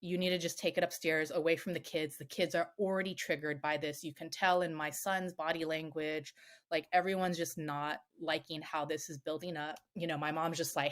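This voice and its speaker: A middle-aged woman telling a personal story as a podcast guest, animated, swearing freely and acting out other people's voices. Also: low-pitched, fairly quick. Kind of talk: candid storytelling.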